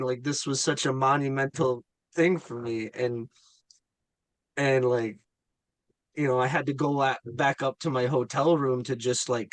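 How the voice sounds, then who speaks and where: A man's voice: medium pitch, dry recording, poor audio. A man who acts in indie films, eagerly telling an anecdote with stammers and repeats. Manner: animated storyteller, stammers and repeats with excitement. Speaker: guest filmmaker and actor.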